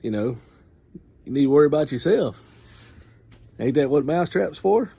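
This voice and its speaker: A man's voice: on the high side, lively intonation, normal speed, creaky, dark tone, breathy edge, full character voice. A man doing a scornful, dismissive chicken. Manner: dismissive, scolding. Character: self-centered male farm chicken.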